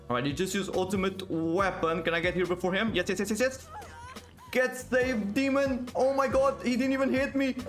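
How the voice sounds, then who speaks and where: A man on the higher side of male voices, calling out live gameplay with excited, exclamatory energy. He fires off repeated words in quick bursts as the action unfolds, with faint music playing behind him. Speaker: gaming video creator.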